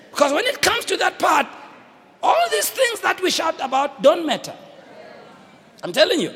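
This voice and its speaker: South african preacher guy, high lively voice, gravelly, shouts a lot, echoey hall. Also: moderate pace, some chatter behind. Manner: fiery, shouting, code-switching, theatrical. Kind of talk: sermon. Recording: reverberant hall with faint noise.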